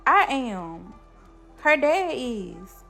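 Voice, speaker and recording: A woman's voice: fairly high pitch, very animated, extremely slow, vocal fry, bright, forceful tone, soft background music. A woman, talking straight to her viewers about her own family in an impassioned, defensive way. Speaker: mother telling her story. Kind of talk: emotional direct-to-camera talk.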